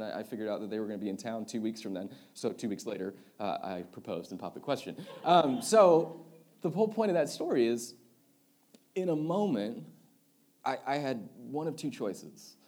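A young man preaching as a youth pastor, telling a story from his own life. His delivery is animated and conversational, building loud and excited in the comic parts, then dropping low and earnest when he makes his point. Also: normal speed. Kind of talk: sermon with personal story.

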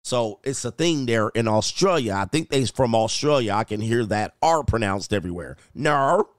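A man's voice: on the low side, normal speed, no room sound. Joking man with a dry close sound. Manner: joking, animated, reads news aloud. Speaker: coach and channel host. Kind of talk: casual reaction commentary.

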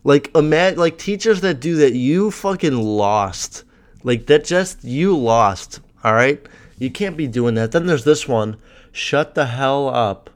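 A man's voice: on the high side, lively intonation, unhurried. A young man hosting a podcast in casual chat, rambling and swearing with a sarcastic edge. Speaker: podcast host.

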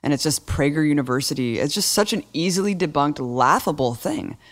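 A man's voice: on the high side, animated, a little fast. A man co-hosting a casual political talk show, indignant and sarcastic, stacking rhetorical questions. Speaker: podcast co-host.

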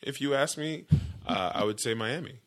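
A man's voice: medium pitch, normal speed, fairly bright tone. A young man, a former football player chatting as a podcast guest, laid-back and laughing, restarting his sentences. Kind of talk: casual chat.

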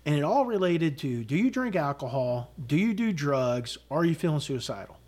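A middle-aged man, a retired senior army sergeant, telling his story in an interview in a blunt, profane, animated way, acting out what people said. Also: a little high, normal speed. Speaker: guest, retired command sergeant major.

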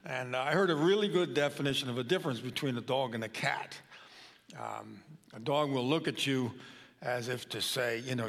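A man's voice: mid-range voice, normal speed, creaky, a bit bright. Older man preaching in a reverberant church. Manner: conversational, with fillers. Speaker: guest preacher. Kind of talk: sermon. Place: church sanctuary. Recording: long hall reverb.

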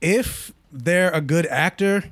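A man's voice: a little high, slow pace, a bit bright, no echo, studio quality. A man co-hosting a podcast, teasing and chiming in with short remarks in casual chat. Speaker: podcast co-host.

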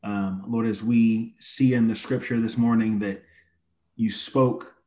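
A man leading a spoken prayer at a church service, halting with fillers. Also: lowish voice, fairly even intonation, mellow.

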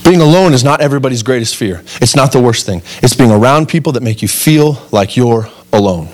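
A man's voice: mid-range voice, expressive, fairly quick. A man in his thirties preaching a sermon in an earnest, conversational way, putting direct questions to his listeners. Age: 30s. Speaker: pastor.

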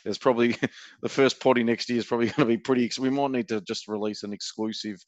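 A man's voice: medium pitch, fairly even intonation, fast, highs cut off. An Australian man co-hosting a podcast, rambling through stories in casual, sweary banter. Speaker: podcast co-host. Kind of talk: casual chat.

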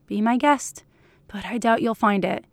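A woman reading the part of a small, sensible woman agent in a fan fiction audiobook, brisk and a little defensive. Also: on the high side, no echo, close to an everyday voice. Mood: guarded.

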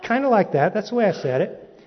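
A man preaching, telling a humorous personal story with lively comic timing. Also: high voice, brisk, slight background noise. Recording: dull recording in a reverberant hall.

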